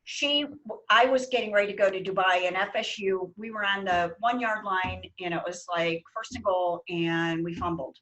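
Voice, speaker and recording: A middle-aged woman hosting a casual chat, telling lively stories and laughing often. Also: medium pitch, moderate pace, few pauses, rough recording. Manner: animated storyteller, laughs often. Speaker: host.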